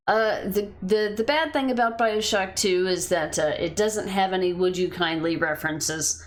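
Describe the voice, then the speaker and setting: A woman's voice: mid-range voice, normal speed. A young adult woman from the United States, streaming a game and chatting casually with viewers in a rambling way. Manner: rambling, talks to chat and her cat. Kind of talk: casual chat with live chat. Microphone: headset.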